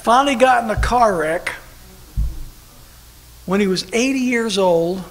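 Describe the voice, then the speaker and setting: A man preaching a sermon at a church service, telling a story with lively, animated delivery that bursts into shouting. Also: high voice, unhurried. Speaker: pastor. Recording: long hall reverb with faint noise.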